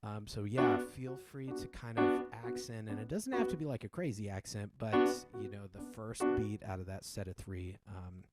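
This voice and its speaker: A man teaching a piano piece in a relaxed, explanatory way, with many fillers and restarts. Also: on the low side, normal speed, hardly any pauses. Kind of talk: casual spoken tutorial. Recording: piano playing loudly behind. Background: loud piano playing.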